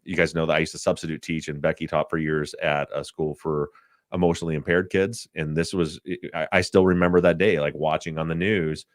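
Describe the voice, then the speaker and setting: A man hosting a casual podcast discussion, talking in a halting way, often repeating words and getting choked up. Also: very deep voice, steady tone, dry recording, clean studio sound. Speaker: podcast host.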